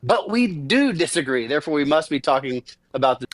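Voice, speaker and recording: High, lively man presenting debate slides. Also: fairly quick, dry recording.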